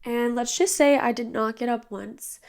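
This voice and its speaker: A podcaster in her twenties, tired and a bit nasal yet still bubbly, casually recounts her weekend from a bedroom with drawn blinds. Her pitch is fairly high and her intonation fairly even, delivered at normal speed with a slightly mellow quality.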